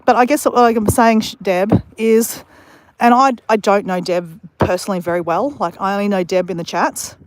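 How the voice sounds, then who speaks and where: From outdoors near a beach, an Australian woman runs a casual livestream, telling wandering stories and speaking to her chat viewers. Her mid-range voice keeps a fairly even intonation at a moderate pace, with no room sound.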